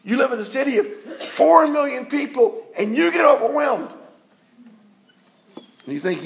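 High-voiced, creaky male pastor preaching. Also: big pitch swings, normal speed, pauses often. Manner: conversational preaching with rhetorical questions to the congregation. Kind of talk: sermon. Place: church.

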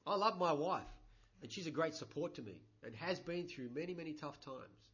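Aussie pastor preaching, high bright voice, chatty with emphatic bursts, dull lo-fi recording. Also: male voice, animated, moderate pace. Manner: conversational, many 'you know' fillers, rising emphatic bursts. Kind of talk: sermon.

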